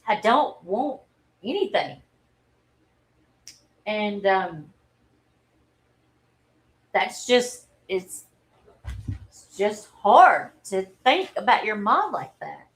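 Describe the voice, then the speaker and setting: A woman, telling a personal story in a halting, earnest and openly emotional way on a livestream. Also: mid-range voice, sing-song, poor audio. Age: 40s. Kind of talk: candid personal livestream talk.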